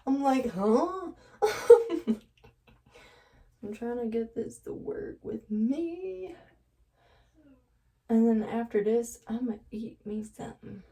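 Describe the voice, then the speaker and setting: Woman vlogger, casual to-camera chat, slow unhurried talk, nervous and giggly, a little off-mic. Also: a little high, expressive, gravelly, mellow, far from the mic, low-quality recording. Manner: chatty, nervous, laughs often. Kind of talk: casual chat to camera while dyeing hair. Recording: voice a bit off-mic.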